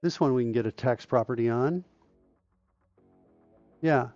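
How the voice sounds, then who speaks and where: A man's voice: medium pitch, a little slow, a little mellow, no room sound, soft background music. Middle-aged man muttering through code. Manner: muttering, self-questioning walkthrough of code. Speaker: live-coding streamer. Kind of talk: thinking aloud while coding. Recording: dull, slightly lo-fi dry mic sound.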